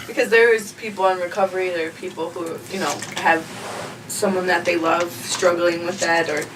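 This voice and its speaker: A woman co-hosting a podcast in relaxed, chatty casual talk, laughing often. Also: lowish voice, moderate pace. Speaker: podcast co-host. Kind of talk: casual chat. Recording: distant mic with crowd noise.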